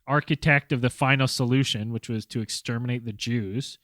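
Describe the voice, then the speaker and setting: A man co-hosting a casual podcast, reading facts from a list with pauses and fillers. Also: medium pitch, steady tone, a bit bright, dry recording. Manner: hesitant, reading facts from notes with many fillers. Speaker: podcast co-host. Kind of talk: casual chat.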